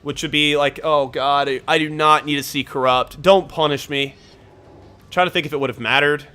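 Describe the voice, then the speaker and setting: Bright excitable man narrating his gameplay. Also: a little high, normal speed, clean tone, faint music behind. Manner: excitable, swears when frustrated, thinks aloud. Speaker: gameplay commentator. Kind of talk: live gameplay commentary.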